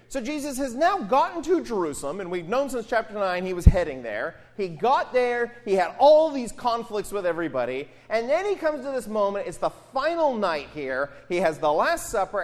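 A woman's voice: mid-range voice, big pitch swings, moderate pace, few pauses. A woman preaching a sermon on a gospel passage, speaking expressively with rhetorical questions and emphatic asides.

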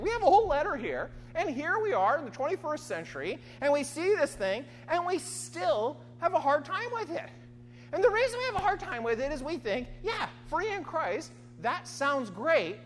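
A woman preacher delivering a sermon in an emphatic way, often asking her listeners "right?". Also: high voice. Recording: long hall reverb, faint hum.

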